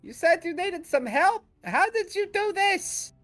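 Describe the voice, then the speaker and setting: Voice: extremely high pitch, animated, unhurried, fairly bright tone, soft background music, voice pushed up, full character voice. A player doing a bubbly, eager adventurer. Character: eager, chatty adventurer introducing themselves.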